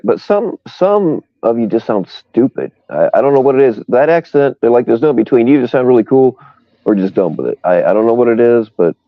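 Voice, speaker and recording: A man with a fairly low voice jokes around in loose, rambling chat, often tripping over his words. The sound is dull and lo-fi, with a very dry, close feel. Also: no echo. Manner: joking, rambling with frequent stutters. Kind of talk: casual banter.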